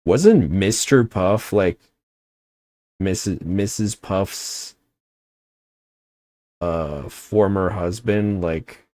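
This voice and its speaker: A young man rambles and jokes his way through a game livestream, often breaking off mid-thought. His voice sits very low and his pace is slow and drawn out, with a close, dry sound. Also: a little mellow, dry recording. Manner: rambling, joking, self-interrupting. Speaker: streamer. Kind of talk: casual gaming livestream chat.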